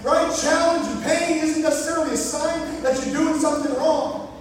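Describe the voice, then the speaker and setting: Man, motivational speaker, keynote for students; very high voice, booming echo of a big hall, mic far off. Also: normal speed, a little hiss or hum. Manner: animated storytelling, acts out quoted voices. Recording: echoey hall recording from far off.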